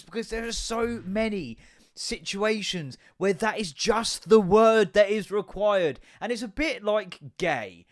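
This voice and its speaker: A young man hosting his own podcast, rambling and joking with lots of swearing and sudden loud bursts. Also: sits high, animated, slow. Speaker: podcast host. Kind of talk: casual solo podcast rant.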